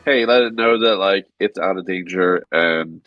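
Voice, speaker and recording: A man's voice: deep voice, moderate pace, no echo, lo-fi sound, faint music behind. A man playing a tabletop game, joking and rambling with restarts. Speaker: player. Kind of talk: casual game talk over voice chat.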